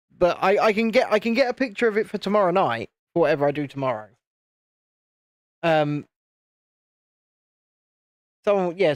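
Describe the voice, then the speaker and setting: A man's voice: a little high, dry recording, studio quality. A man chatting casually and rambling on a live stream while building Lego. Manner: chatty, rambling, self-interrupting.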